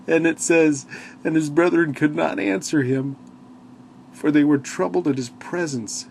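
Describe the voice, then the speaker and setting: A man's voice: fairly high pitch, fairly even intonation, a little slow, vocal fry, a little mellow, a little hiss or hum. A man sharing casual, rambling thoughts on a Bible chapter, filling with "you know" and acting out the quoted lines with sudden bursts. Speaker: Bible study speaker.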